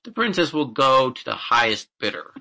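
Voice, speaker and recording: Man doing gossipy court bystander, matter-of-fact, gravelly bright voice. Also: medium pitch, big pitch swings, moderate pace, exaggerated voice.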